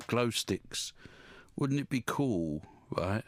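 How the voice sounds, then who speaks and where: Speaking slowly in a mid-range voice with lively intonation, a male radio presenter trades jokes with his in-studio guests. His banter is rambling and teasing, with plenty of self-mockery.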